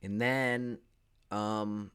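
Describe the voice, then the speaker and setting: A man's voice: lowish voice, steady tone, very slow, fairly bright tone, clear, resonant tone. A young man giving a profane, sarcastic movie recap, full of filler words and swinging between mutters and outbursts. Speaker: movie reviewer.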